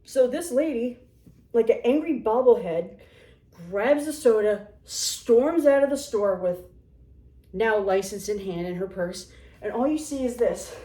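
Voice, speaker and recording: A woman's voice: on the high side, unhurried. Sarcastic woman telling a story in a roomy room. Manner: animated, sarcastic, acts out quotes. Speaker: vlogger. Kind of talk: casual storytelling. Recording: roomy echo.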